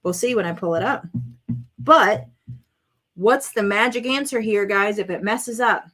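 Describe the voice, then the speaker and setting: Faint music plays behind a woman vlogging a craft project at home. Her medium-pitched voice is a little slow and a bit bright as she chats to viewers, narrates her work and exclaims over colors.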